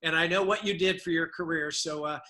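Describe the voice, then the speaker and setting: Male TV anchor, bright sharp tone, higher pitch, warm wrap-up delivery. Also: steady tone, brisk. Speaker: news anchor. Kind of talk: live TV interview.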